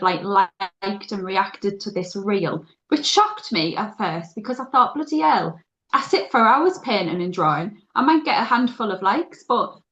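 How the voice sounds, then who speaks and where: A middle-aged woman co-hosting a podcast, telling a story in a lively, chatty way and laughing often. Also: on the high side, highs cut off. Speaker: podcast co-host. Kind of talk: casual chat.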